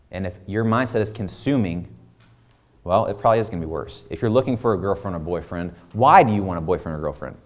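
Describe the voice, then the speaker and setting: A man's voice: lowish voice, darkish tone. A man in his thirties preaching a conversational sermon full of rhetorical questions. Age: 30s. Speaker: pastor.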